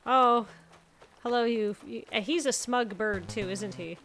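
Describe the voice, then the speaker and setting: A woman hosts a relaxed stream chat, full of gasps and eager praise. Her voice sits a touch high and has a gravelly edge. Faint game music plays softly behind her. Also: a little slow. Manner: enthusiastic, gasps often. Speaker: stream host. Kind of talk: casual chat.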